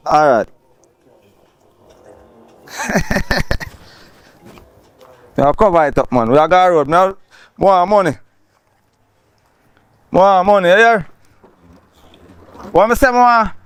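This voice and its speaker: A man's voice: sits high, slow pace, long pauses, clear, resonant tone. A man playing a cocky Jamaican robber. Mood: boastful. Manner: boastful, laughing, bossy. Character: cocky young male street robber.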